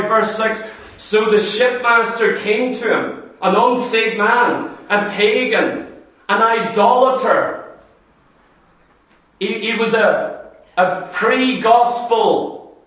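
High-voiced fervent preacher in echoey church. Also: male voice, fairly bright tone. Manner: fervent, fires rhetorical questions at the congregation. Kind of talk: sermon. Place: church hall. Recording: echoey church, mic far off.

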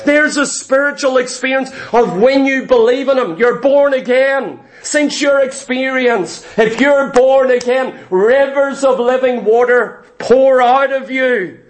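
Unhurried yet barely pausing, a preacher with a strikingly high voice delivers his sermon emphatically, circling back to key phrases and challenging his audience with rhetorical questions.

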